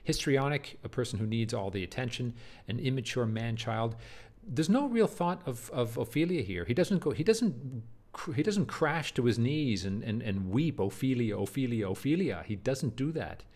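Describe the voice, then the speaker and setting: A man's voice: medium pitch, lively intonation, normal speed, darkish tone. A man teaching Shakespeare in a casual spoken lecture, emphatic and often repeating words as he restarts.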